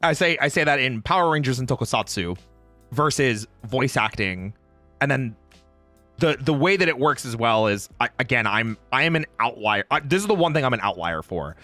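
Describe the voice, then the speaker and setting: Lively, bright-voiced male streamer. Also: medium pitch, moderate pace, no room sound, soft background music. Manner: animated, repeats words while searching. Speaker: streamer host. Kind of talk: casual chat.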